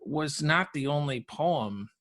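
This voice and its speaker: A man's voice: fairly high pitch, animated, slow pace, a bit bright. A man hosting a podcast and politely interviewing callers about their memories. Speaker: podcast host.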